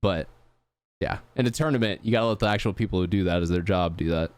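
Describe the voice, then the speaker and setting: A man's voice: low-pitched, fast talker, smooth. A young man hosting a podcast in casual chat, laid-back, laughing easily and swearing freely. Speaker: podcast host.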